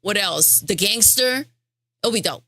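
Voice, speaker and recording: A woman's voice: medium pitch, lively intonation, a little slow, bright, forceful tone, no echo. A woman co-hosting a casual gaming podcast, teasing her co-host playfully and laughing easily. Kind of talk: casual gaming news chat.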